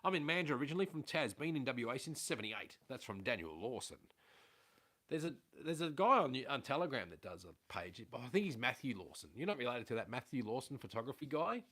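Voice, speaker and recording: A man's voice: mid-range voice, very animated, fast talker, sharp tone. Middle-aged aussie bloke rambling on a home livestream, swears a lot, loses his train of thought. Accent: Australian. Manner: rambling, swears freely, self-aware about waffling. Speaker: livestream host. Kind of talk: casual rambling livestream chat. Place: at home indoors.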